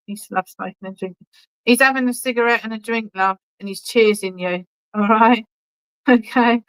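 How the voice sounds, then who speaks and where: Clean and a bit bright, her mid-range voice comes through poor audio. She works as a spiritualist medium, offering reassuring, chatty clairvoyant readings during an online church service, affectionately calling people darling and often asking "okay?"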